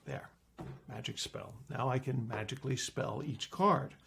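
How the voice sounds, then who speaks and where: A middle-aged man lecturing on card magic, playfully acting out his patter with big jumps in pitch. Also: unhurried, gravelly, a bit bright, a little hiss or hum.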